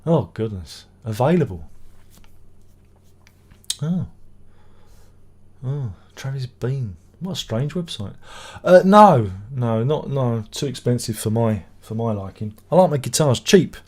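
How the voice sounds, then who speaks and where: A man's voice: mid-range voice, expressive, slow pace, long pauses, darkish tone, breathy edge. A middle-aged man hosting a live stream, reading out viewer comments and answering them with rambling, exclamatory chatter and swearing. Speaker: channel host.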